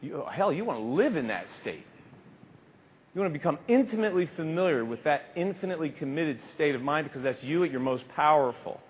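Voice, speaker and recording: A middle-aged man delivers a motivational keynote, animated and emphatic, his voice sitting a little high for a man. The sound rings with the long reverb of a large convention hall, and a faint hum of noise sits underneath. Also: fairly quick. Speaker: keynote speaker.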